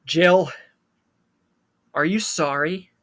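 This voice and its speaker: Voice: medium pitch, drawn-out words, a bit bright, dry recording. The narrator voicing a tough, defiant woman survivor facing her attackers, in a fan-made story retelling.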